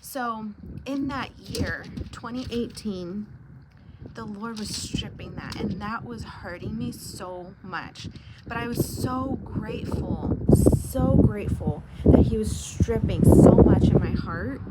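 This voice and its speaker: A woman hosting a devotional talk, sharing a personal faith testimony in an earnest, emotional way, close to tears. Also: fairly high pitch. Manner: earnest, emotional, pausing to hold back tears. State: near tears. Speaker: devotional video host. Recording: loud background noise.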